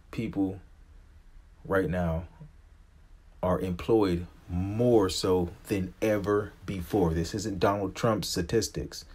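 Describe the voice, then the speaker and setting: A man's voice: deep voice, a little mellow, husky. A man in his forties from the United States, a vlogger giving a blunt, profane, impassioned opinion rant to camera.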